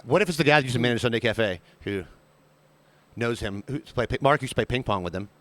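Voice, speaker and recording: A man co-hosting a podcast, teasing and cracking jokes in quick banter. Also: medium pitch, expressive, a bit bright. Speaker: podcast co-host and server. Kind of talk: casual chat.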